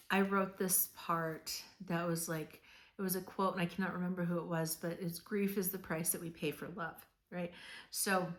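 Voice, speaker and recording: Low-voiced woman giving a casual tarot reading. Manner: chatty and meandering, with frequent "um" and "like"; earnest and reassuring. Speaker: tarot reader.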